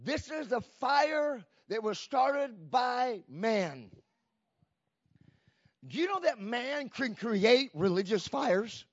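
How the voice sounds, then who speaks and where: A man preaching a fervent sermon as pastor, calling out "come on" to the church and swinging between shouts and hushed lines. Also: extremely high pitch, very animated, slow, no echo. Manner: fervent preaching with repeated "come on" call-outs. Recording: dull lo-fi, dry sound.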